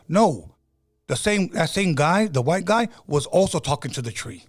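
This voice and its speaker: A man's voice: a little high, expressive, brisk, faint music behind. A middle-aged man hosting a podcast, telling stories in a casual, conversational way with frequent fillers and restarts. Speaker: podcast host.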